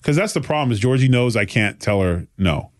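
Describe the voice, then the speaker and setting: A man's voice: mid-range voice, fairly quick. A man co-hosting a casual chat show, telling stories with lots of mocking impressions. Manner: animated storyteller who slips into mocking impressions. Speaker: podcast co-host.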